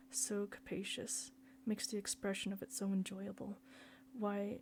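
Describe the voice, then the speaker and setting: A woman reading a novel aloud in a soft, often near-whispered way. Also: medium pitch, a little hiss or hum. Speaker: reader.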